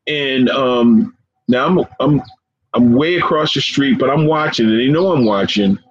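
A man being interviewed as a guest, speaking earnestly and with deep emotion, often repeating phrases and calling his listener "man.". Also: measured pace. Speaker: guest, professor and founder of a forgiveness organization. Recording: dull lo-fi sound with faint background noise.

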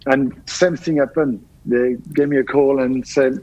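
A man's voice: medium pitch, a little slow, highs cut off. A middle-aged man with a French accent, a guest chef chatting in an interview and telling stories with repeated words as he searches for them. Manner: animated storyteller, repeats words while searching. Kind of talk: casual interview conversation.

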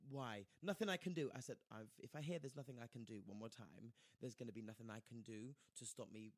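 Animated man telling a story. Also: mid-range voice, quick pace, dry recording, clean studio sound, soft background music. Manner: animated, acts out quoted voices, slangy. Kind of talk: casual storytelling chat.

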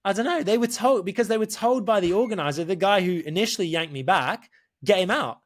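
A man telling a story in casual podcast chat, animated, swearing often and calling the listener mate. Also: high-pitched, quick pace. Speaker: podcast guest.

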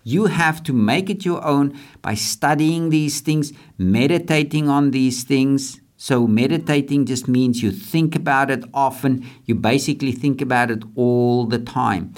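A man's voice: medium pitch, unhurried, few pauses. A man hosting a leadership podcast, talking earnestly and a bit repetitively about faith and purpose. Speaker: podcast host. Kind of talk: casual motivational faith talk.

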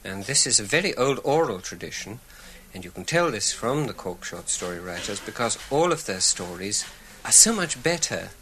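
Measured literary commentator. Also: male voice, lowish voice, sing-song, sharp tone, a little hiss or hum, poor audio. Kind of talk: interview commentary.

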